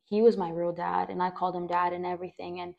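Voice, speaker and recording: A young woman's low, gravelly voice tells her own story as a podcast host. She speaks in a flat, even tone and rambles through many fillers. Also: fast, muffled recording. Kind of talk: personal storytelling monologue.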